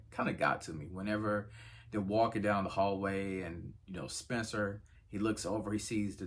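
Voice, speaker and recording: A man casually recapping a TV episode, acting out the characters' lines and leaning on fillers like "you know" and "right". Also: on the low side. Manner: animated, acts out characters' lines in quotes.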